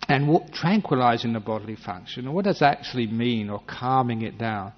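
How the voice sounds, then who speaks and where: A man giving a gentle, humorous meditation talk, acting out little scenes as he teaches. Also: medium pitch, lively intonation, fairly quick. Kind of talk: dharma talk. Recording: dull lo-fi recording.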